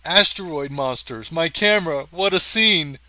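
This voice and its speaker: A man voicing an excitable young male space cameraman for a storybook reading, speaking in an urgent, raised voice. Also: on the high side, unhurried, no room sound, pitched above the performer's own voice, exaggerated voice. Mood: frantic.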